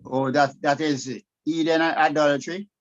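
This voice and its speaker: Male tutor, mid-pitched, patient, spells things out, dull lo-fi call audio. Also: flat delivery, moderate pace. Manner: patient, spells words out letter by letter. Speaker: teacher.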